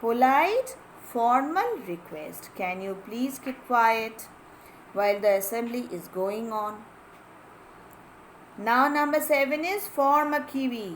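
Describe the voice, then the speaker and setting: Woman teacher, high and animated pitch, emphatic and repetitive, faint room hiss behind. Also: a little slow, poor audio. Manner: clear, emphatic, repeats key phrases. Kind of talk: grammar lesson.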